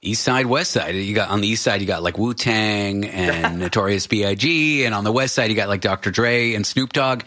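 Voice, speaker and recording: A man's voice: on the low side, moderate pace, hardly any pauses, sharp tone. A man hosting a radio show, chatting casually and joking with his guest. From outside the US. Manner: playful, joking.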